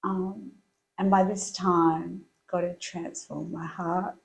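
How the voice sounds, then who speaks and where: A middle-aged woman telling her story as an interview guest, chatty and quick to laugh. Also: fairly low pitch, level tone, creaky, rough recording. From Australia.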